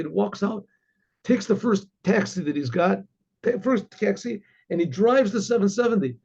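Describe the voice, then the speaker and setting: A male rabbi tells a story in a loose, halting way and keeps clearing his throat. His voice is fairly high for a man, gravelly and husky. The recording is dull and lo-fi. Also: animated, a little mellow. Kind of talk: oral storytelling.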